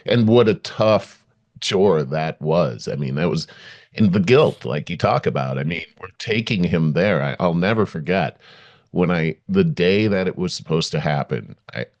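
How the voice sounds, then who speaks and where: Deep-voiced man telling a heartfelt story. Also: expressive, moderate pace, darkish tone, no echo, dull audio. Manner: emotional storytelling, many restarts. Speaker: podcast co-host. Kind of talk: casual conversation.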